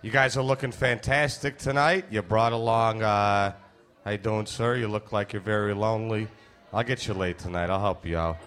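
Brash stand-up comic guy, crude jokes, bright punchy voice. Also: on the low side, steady tone, moderate pace, smooth. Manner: brash, crude, playful crowd work. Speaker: stand-up comedian. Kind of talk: stand-up comedy routine.

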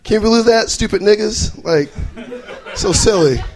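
A young man from Idaho works through a stand-up comedy set with a fairly high voice. He keeps bouncing into exaggerated character voices for the people in his stories, then drops back into his own plain delivery. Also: moderate pace, poor audio. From Boise, Idaho.

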